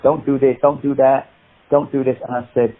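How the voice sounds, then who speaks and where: Older man, husky voice, phone-like thin sound, lively anecdote teller, quotes dialogue. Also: medium pitch, normal speed. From United Kingdom. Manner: animated, quotes people in dialogue, laughs at his own stories. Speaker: guest, martial artist and actor. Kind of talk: anecdotal storytelling in an interview. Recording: husky voice over a tinny phone-like line.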